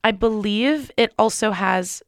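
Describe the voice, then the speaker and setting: A young woman co-hosting a casual music radio chat, talking in loose, rambling runs filled with "like." Her voice is smooth and clear, in a middle register. The recording is dry and close. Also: medium pitch, measured pace, no echo. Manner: chatty, rambling, heavy use of "like". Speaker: co-host.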